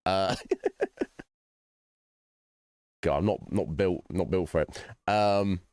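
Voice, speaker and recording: A man's voice: low-pitched, slow pace, a little mellow, no room sound, clean studio sound. A man streaming, chatting casually to his viewers in a rambling, conversational way with lots of restarts.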